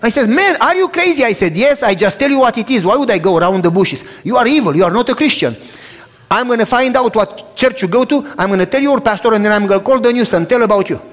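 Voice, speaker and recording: A man's voice: sits high, fast. A man in his sixties, a pastor preaching a sermon and animatedly acting out both sides of the conversations in his stories. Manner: animated, acts out both sides of dialogues loudly. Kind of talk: sermon storytelling. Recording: long hall reverb.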